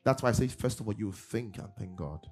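A man's voice: on the low side, lively intonation, fairly quick, darkish tone, breathy edge, faint music behind. A middle-aged man preaching a sermon as pastor, acting out congregants' voices and laughing often.

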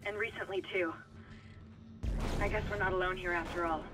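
A man's voice: sits high, fairly even intonation, normal speed, music in the background, lightly acted. An actor playing a wary male crewman speaking over the radio in a video game. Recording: noisy game radio audio.

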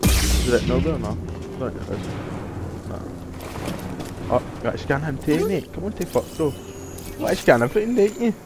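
Excitable swearing young gamer. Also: male voice, a little high, normal speed, pauses often, heavy background noise. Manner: excitable, profane, yells at the game. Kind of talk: live gameplay commentary. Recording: voice over loud game music.

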